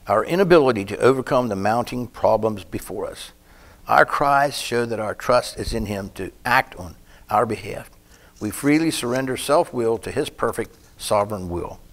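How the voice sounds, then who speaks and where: A man preaching a sermon in a folksy, rambling way, breaking off to comment on himself and growing louder and higher when he stresses a point. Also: creaky.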